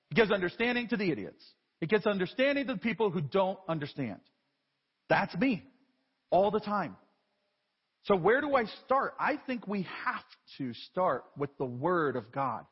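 A male preacher in his thirties with a high, lively voice that has a husky edge, delivering a conversational, self-deprecating sermon. His voice carries a long reverb from a large church. The live broadcast sound is dull and muffled.

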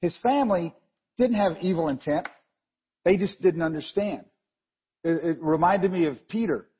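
A man preaching a chatty, digressive sermon, telling the story with lively asides. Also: high-pitched, moderate pace, slightly rough. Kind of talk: conversational sermon. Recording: dull lo-fi recording.

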